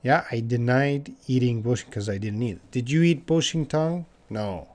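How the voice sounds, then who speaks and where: A man's voice: mid-range voice, a little mellow. Casual male English teacher from Canada. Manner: casual, thinks aloud, repeats phrases slowly for learners. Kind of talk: live-stream lesson answering chat questions.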